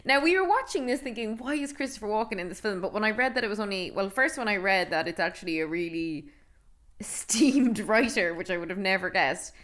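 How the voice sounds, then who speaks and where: A woman's voice: mid-range voice, lively intonation, fairly bright tone. An Irish woman co-hosting a podcast, chatting casually and with strong opinions about a film. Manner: talkative, opinionated, quick asides. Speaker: podcast co-host. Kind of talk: casual film review chat.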